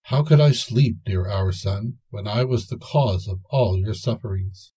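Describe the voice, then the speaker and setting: A man's voice: on the low side, a little slow, mellow, breathy edge. A man voicing Violet, a devoted young girl in a fairy tale, speaking in a raised, earnest and pleading way. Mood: tender.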